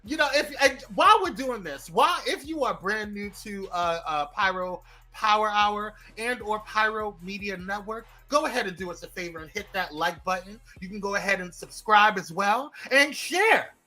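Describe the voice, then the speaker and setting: Bright-voiced man hosting a live show. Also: high voice, normal speed, hardly any pauses. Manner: lively, greets viewers by name one after another. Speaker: morning show host. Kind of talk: live morning show chat.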